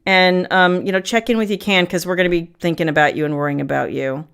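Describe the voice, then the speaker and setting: A middle-aged woman hosting a casual livestream from her family room, chatting warmly with viewers and greeting them by name between frequent ums. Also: on the low side, fairly even intonation, fast, vocal fry, clean tone. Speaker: livestream host.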